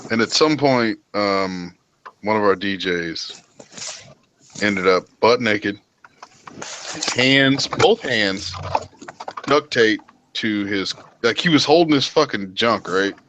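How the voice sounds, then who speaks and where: An American man hosting a livestream tells long, rambling stories in casual chat with friends, swearing constantly in an animated, profane way. His voice is on the low side and slow, with long pauses. The low-quality recording has slight background noise.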